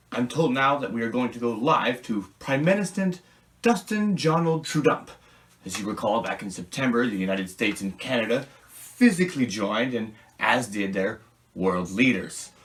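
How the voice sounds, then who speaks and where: A brash news anchor, played by a man reads in a lowish, lively voice with stiff newsreader delivery that snaps into rants. He sounds set back from the mic, with faint music behind. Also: recorded from a distance. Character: brash, foul-mouthed male news anchor.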